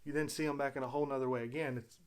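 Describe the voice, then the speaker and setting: A man of ordinary pitch talks loosely through his own video. He retells events at length, backs up on his words and drops fillers as he goes. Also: steady tone, racing. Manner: rambling retelling with fillers and restarts. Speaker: video host. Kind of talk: casual spoken commentary.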